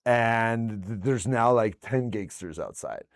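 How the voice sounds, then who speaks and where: A man's voice: fairly low pitch, slow. A man who is a DJ and producer, guest on a talk show, telling a story casually and animatedly with plenty of swearing. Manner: animated, swears a lot, acts out the people in his stories.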